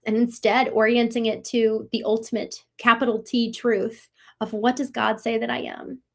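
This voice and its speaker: A woman from Maryland hosts a live show with a somewhat high voice. She reads and answers chat comments in a warm, effusive way, circling back through fillers and restarts as she thinks aloud. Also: level tone, moderate pace, vocal fry.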